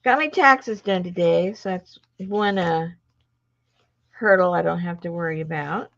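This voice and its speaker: Brief: chatty woman host with a blocked nose and a gravelly edge, laughing between chatter. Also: lowish voice, a little slow, a bit bright, lo-fi sound. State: stuffed-up nose. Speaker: craft live-stream host. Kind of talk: casual chat greeting viewers.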